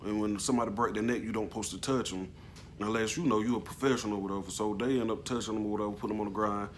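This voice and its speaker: Guy with a lowish voice telling his story, loose and slangy, kinda halting and emotional. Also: steady tone, slight background noise. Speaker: vlogger telling a personal story. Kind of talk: casual storytelling.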